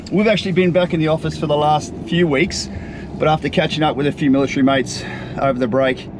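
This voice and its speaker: Behind the wheel with faint traffic and road sounds in the background, an Australian property coach and show host films a relaxed vlog. His voice is a little high and brisk, and he stays chatty and upbeat, filling gaps with plenty of ums and uhs.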